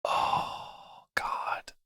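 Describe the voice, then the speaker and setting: A man's voice: very slow, pushed and bright, dry recording, clean studio sound. A man playing through a story game, commenting anxiously, swearing, and reading some lines half in character. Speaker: game streamer. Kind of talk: let's play commentary, reading dialogue aloud. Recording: music playing behind. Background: game music.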